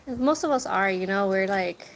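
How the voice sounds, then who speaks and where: Gravelly-voiced woman vlogging outdoors. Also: mid-range voice, lively intonation, normal speed. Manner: chatty storyteller, swears casually, laughs often. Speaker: food vlogger. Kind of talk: casual chat to a live audience. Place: outdoors near a corner store. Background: wind and birds.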